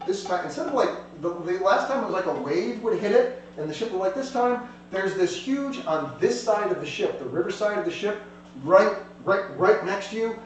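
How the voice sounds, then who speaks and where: A man running a tabletop game with a fairly high voice, rambling and circling back mid-sentence. The mic is far away in a very echoey room, and a faint hum runs underneath. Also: expressive, normal speed. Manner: rambling, loose, many restarts. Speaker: game master.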